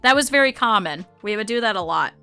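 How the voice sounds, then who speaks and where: A young woman streamer telling a story in a chatty, animated way and laughing often. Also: medium pitch, fast, gravelly, smooth, soft background music. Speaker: VTuber streamer. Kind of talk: casual storytelling to stream chat.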